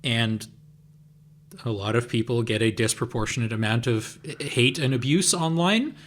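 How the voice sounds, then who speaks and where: Man, mid pitch, podcast co-host, casual, hesitant restarts. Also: moderate pace, a bit bright, slight background noise. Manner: hesitant, repeats words, fills with "like". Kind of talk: casual chat.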